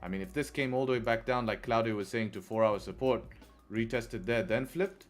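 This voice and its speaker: Male trading streamer, mid-pitched, talks to chat, laughs through frustration, faint music under him. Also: a little fast. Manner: chatty, addresses viewers as guys, laughs often in frustration. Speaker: forex trader live streamer. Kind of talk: live trading commentary.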